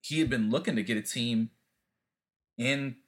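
A man's voice: mid-range voice, normal speed. A man hosting a sports podcast, moving the talk along with playful, emcee-like asides. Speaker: podcast host.

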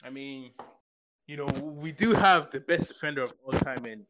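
A man's voice: mid-range voice, normal speed, fairly bright tone, poor audio. A man co-hosting a podcast, making wry jokes about football and repeating his punchlines. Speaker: podcast co-host. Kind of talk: casual banter about football.

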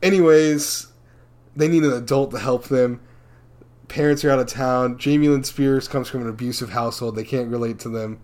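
Guy in a casual chat, retelling a movie plot, animated, laughs a lot, mid pitch. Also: moderate pace. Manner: animated storyteller who slips into character voices and laughs often.

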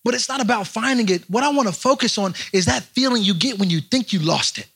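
A young man, a pastor, preaching a lively storytelling sermon straight to his congregation. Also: high-pitched, fast, creaky, slightly rough. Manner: animated, speaks straight to the congregation.

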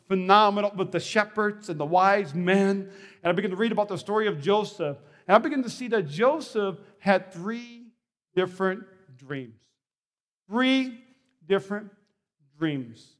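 Preaching a sermon, a male pastor with a strikingly high voice spins animated stories, stumbling over repeated words as he restarts. A long reverb from the surrounding hall carries his voice.

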